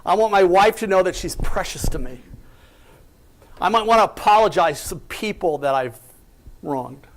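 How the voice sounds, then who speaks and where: A man's voice: high-pitched, expressive, normal speed, long pauses. A man giving an inspirational talk, telling his own story with emphatic rhetorical questions. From United States. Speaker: company president giving a talk. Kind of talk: inspirational speech.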